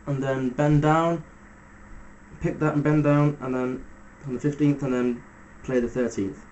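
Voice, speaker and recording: A man giving a casual step-by-step guitar lesson, talking through fret numbers in a relaxed way with fillers. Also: medium pitch, unhurried, dull audio, slight background noise. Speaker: guitar teacher. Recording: loud guitar music under the voice. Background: electric guitar playing between phrases.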